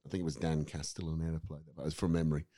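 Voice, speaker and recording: Middle-aged male guest with a very low voice, reflective and rambling in casual talk. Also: flat delivery, racing, dark tone. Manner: thoughtful, rambling with restarts. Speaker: guest, acting teacher. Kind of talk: casual podcast conversation.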